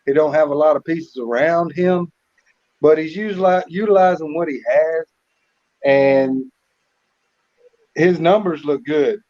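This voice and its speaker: A man co-hosting a casual sports picks chat, relaxed and repeating words as he thinks. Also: a little high, a little slow, long pauses. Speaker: co-host. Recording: slightly dull lo-fi audio.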